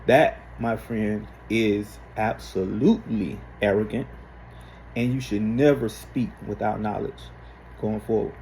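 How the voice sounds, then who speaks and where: A man giving an emphatic, deliberate rebuttal in reaction commentary, speaking slowly like a preacher. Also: fairly low pitch, fairly even intonation, darkish tone, a little hiss or hum, poor audio.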